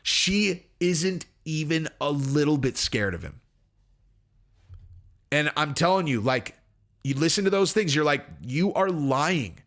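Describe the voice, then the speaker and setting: A man's voice: a little high, expressive, measured pace, long pauses, a bit bright. A man hosting casual commentary, talking in an emphatic, rambling way with frequent restarts. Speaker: host.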